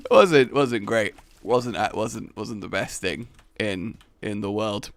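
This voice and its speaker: A young gaming YouTuber gives let's play commentary into a close mic, with no echo, in a fairly low, slow voice with vocal fry and few pauses. He's animated and exasperated, rambling and breaking into outbursts.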